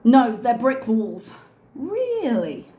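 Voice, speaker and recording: A woman hosting a reaction video, talking calmly with pointed, sarcastic remarks. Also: mid-range voice, normal speed, echoey room. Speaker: reaction channel host. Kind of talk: soft-spoken reaction commentary.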